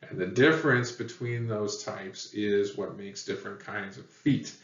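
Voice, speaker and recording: A man teaching a lesson in a plain, patient way, pausing often with fillers. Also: fairly low pitch, a bit bright. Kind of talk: explanatory lecture. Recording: echoey, dull, far from mic.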